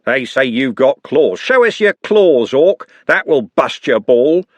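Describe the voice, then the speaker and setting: A man voicing a nasty male footballer who taunts his opponent in slow, jeering words, in an audiobook reading. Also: mid-range voice, very animated, no room sound. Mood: taunting.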